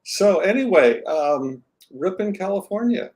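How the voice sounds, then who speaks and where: A man's voice: high-pitched, expressive, unhurried, darkish tone, low-quality recording. Friendly male interview host. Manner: friendly, jokey, self-deprecating. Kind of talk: scripted introduction then casual interview.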